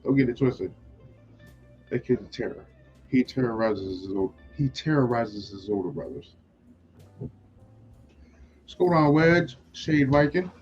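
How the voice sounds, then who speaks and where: A man's voice: medium pitch, expressive, slow pace, long pauses, darkish tone, lo-fi sound, faint music behind. A man co-hosting a casual talk show, laid-back, telling stories with little put-on voices. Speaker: podcast co-host. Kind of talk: casual chat.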